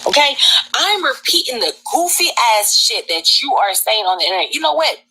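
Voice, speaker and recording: A woman's voice: high voice, sing-song, brisk, bright, forceful tone, a little hiss or hum, poor audio. A woman hosting a casual live stream, ranting bluntly and profanely and repeating herself for emphasis.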